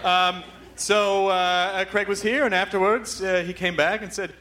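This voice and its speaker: Brief: wired, fast-rambling male host onstage, high bright voice, light crowd and room noise. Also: steady tone. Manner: hyper, rambling, crude. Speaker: podcast host. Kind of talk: live stand-up-style podcast banter. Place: live venue with audience. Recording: live stage with audience noise.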